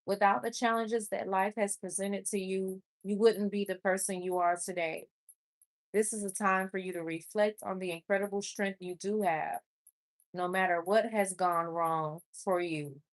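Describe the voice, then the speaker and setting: A woman's voice: medium pitch, steady tone, moderate pace. A woman doing a spiritual tarot card reading, emotional and speaking to Spirit. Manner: emotional, talks to Spirit, gets choked up. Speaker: tarot reader.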